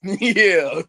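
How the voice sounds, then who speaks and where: A man's voice: high-pitched, bright, forceful tone, slightly rough. A man from Seattle, host of the show, telling stories in a casual chat, full of laughter and profane slang.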